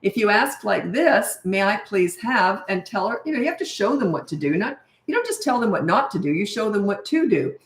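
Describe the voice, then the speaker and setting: A woman's voice: medium pitch, sing-song, a little fast, hardly any pauses, roomy sound. A woman in her sixties, a parenting coach answering viewer questions in a frank, conversational live-stream Q&A. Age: 60s.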